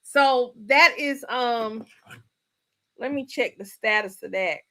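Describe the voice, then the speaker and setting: A woman hosts a casual live stream and greets her viewers one by one. She is playful and chatty with them. Her voice is high and bright, with a forceful edge. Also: slow.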